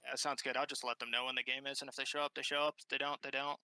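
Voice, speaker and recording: A team captain with a very bright, crisp, clear voice and a dry, close sound. He talks in an easygoing, shrug-it-off way. His pitch sits in the middle. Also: little pitch movement, racing, no echo. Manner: easygoing and noncommittal. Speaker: team captain being interviewed. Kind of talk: casual post-match interview.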